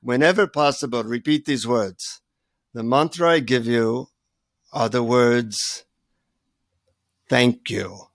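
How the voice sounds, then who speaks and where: A man's voice: mid-range voice, takes it slowly, pauses often, dry recording, studio quality, voice pushed down. A man putting on the voice of a stern old Indian guru with an Indian accent, speaking solemnly and instructively. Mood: hushed.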